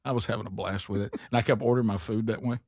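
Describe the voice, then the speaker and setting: A man hosting a radio talk show, telling a story in a casual, animated way and now and then putting on a mock accent. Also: lowish voice, very fast, no echo, studio quality.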